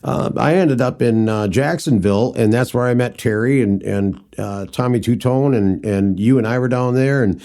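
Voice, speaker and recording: Mellow rambling podcast co-host man. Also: medium pitch, moderate pace, few pauses. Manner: rambling storyteller, many fillers. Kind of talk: casual conversation.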